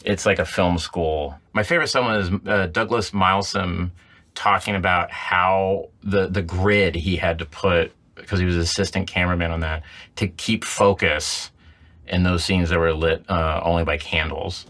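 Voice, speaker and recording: A man with a deep voice, talking about films on a podcast. He is enthusiastic and drops quick asides as he goes. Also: fairly even intonation, a bit bright. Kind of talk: podcast film commentary.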